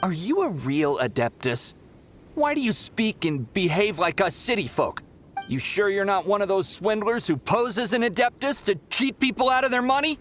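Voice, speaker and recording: A man voicing a brash, demanding young male pilgrim in a video game, theatrical and quick to take offense. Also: high-pitched, lively intonation. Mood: indignant. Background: game music.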